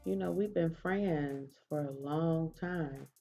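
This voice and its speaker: A woman doing a smooth-talking man in love. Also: takes it slowly, dark tone, soft background music, exaggerated voice. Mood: tender. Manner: low-key, sweet-talking, confident.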